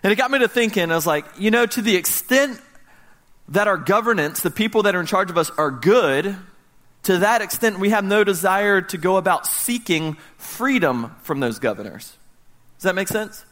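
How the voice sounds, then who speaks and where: A man in his thirties from the United States preaching a sermon as pastor, telling a story in a lively way that swings from loud to hushed. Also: high voice, moderate pace.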